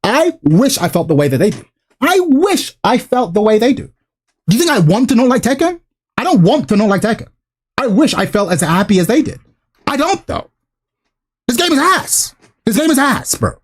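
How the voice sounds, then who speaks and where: A man's voice: extremely high pitch, very animated, moderate pace, husky. A man streaming, ranting to his chat with exasperated, repetitive, swearing commentary.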